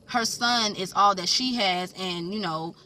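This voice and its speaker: A woman's voice: medium pitch, a little slow, distant mic, slight background noise. Sassy woman recapping a TV episode. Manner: animated, sassy, talks back to the characters. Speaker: TV recap vlogger.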